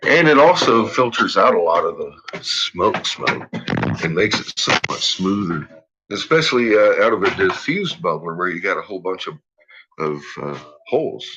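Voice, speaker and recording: A man vlogs casually from home in a sing-song voice at normal speed, rambling and swearing as he chats. He teases his barking dogs in a high voice. The dull lo-fi home recording has clear background noise.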